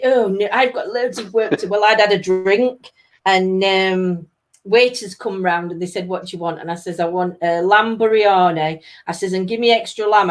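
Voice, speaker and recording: A middle-aged woman with a Yorkshire accent, co-hosting a casual livestream chat and telling stories with plenty of laughter. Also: on the low side. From East Yorkshire, England. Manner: chatty storyteller, laughs often. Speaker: livestream co-host.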